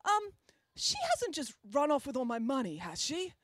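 A woman's voice: high-pitched, very animated, moderate pace, dry recording, pitched above the performer's own voice. A woman doing a timid, nervous young schoolboy. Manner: timid, hesitant.

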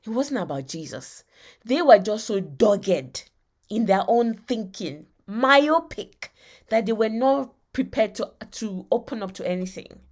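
A woman's voice: mid-range voice, animated, unhurried, a little mellow. A woman preaching a sermon, emphatic and often asking her listeners whether they understand.

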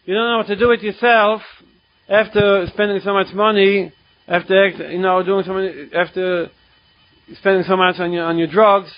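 A man voicing his blunt, strict male sponsor, scolding slowly and emphatically in a dull lo-fi recording. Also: sits high, fairly even intonation, no echo, natural voice. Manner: stern, scolding, slow and emphatic.

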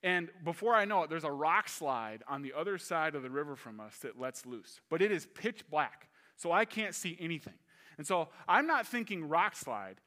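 Bright-voiced male pastor telling a story. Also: fairly high pitch, moderate pace. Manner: animated storyteller, shifting to calm teaching. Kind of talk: sermon with personal story.

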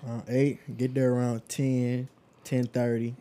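Slangy young New co-host. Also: male voice, mid-range voice, flat delivery, measured pace, warm tone. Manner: slangy, swears freely, rambling restarts. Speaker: podcast co-host. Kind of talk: casual chat.

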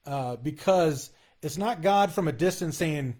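A man in a casual, earnest conversation about faith, talking in halting bursts with frequent restarts. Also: on the high side, animated, darkish tone, slightly rough.

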